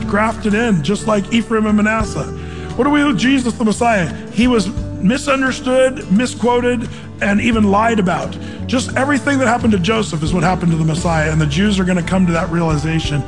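High-voiced man preaching in a reverberant hall. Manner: animated preaching, quoting scripture and acting out voices. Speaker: pastor. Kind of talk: sermon.

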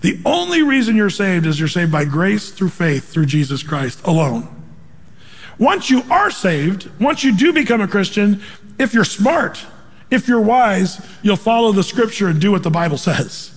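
A man preaching a sermon as pastor, with a high voice. He quotes scripture and acts out the voices of the people he describes. The sound carries a long reverb from a church hall. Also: normal speed. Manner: animated preaching, quoting scripture and acting out voices.

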